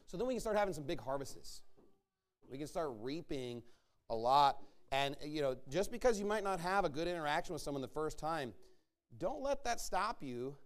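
A man preaching a sermon to his church, emphatic and repetitive as he rallies his listeners. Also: sits high.

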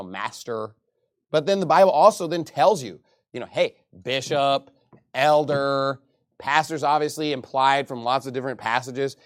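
A man's voice: medium pitch, dry recording, studio quality. A man preaching a sermon, reading scripture aloud and mocking people by putting on voices. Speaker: pastor.

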